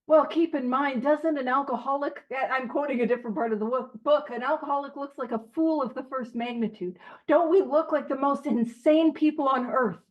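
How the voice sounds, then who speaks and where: High-voiced woman leading a recovery study. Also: highs cut off. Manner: chatty, joking, reads passages aloud. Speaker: big book study leader. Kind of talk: casual recovery study talk.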